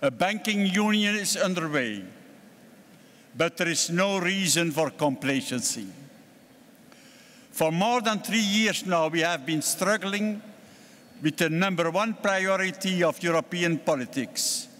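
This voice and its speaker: An older Belgian-accented man delivers a formal speech as a party president, his voice pitched a little high for a man. He speaks in a measured, deliberate way, leaning hard on key words. His voice rings out with the long reverb of a large congress hall. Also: animated, fairly bright tone. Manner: measured, deliberate oratory with emphatic stresses.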